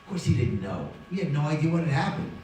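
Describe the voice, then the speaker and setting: Recorded from a distance in a very echoey hall with slight background noise, a man recounts a dramatic survival story as a guest speaker before an audience. His voice is on the high side, a little mellow, very animated, and quick.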